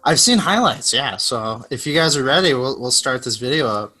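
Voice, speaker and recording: A young man co-hosting a casual podcast, loose and jokey, peppering his talk with slang. His voice is bright and forceful, at an average pitch for a man. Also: animated, moderate pace. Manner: laid-back, joking, lots of "like" and "dude". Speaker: podcast co-host. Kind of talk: casual chat.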